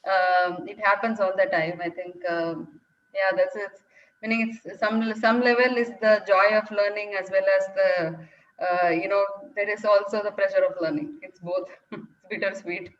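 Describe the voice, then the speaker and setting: A woman's voice: medium pitch, steady tone, moderate pace, recorded from a distance, slight background noise. A woman answers questions in an online talk, thinking aloud with frequent fillers and restarts. Her voice sits back from the mic. The call audio is dull and lo-fi. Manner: thoughtful, many fillers and restarts. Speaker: data science speaker answering questions. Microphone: video call.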